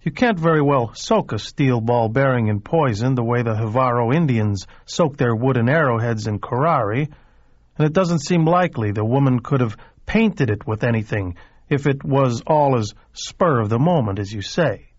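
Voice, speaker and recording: A man reading a cool, brisk, matter-of-fact former doctor with a clinical manner. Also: mid-range voice, lively intonation, no room sound, dull audio, lightly acted. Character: cold, clinical older male ex-doctor.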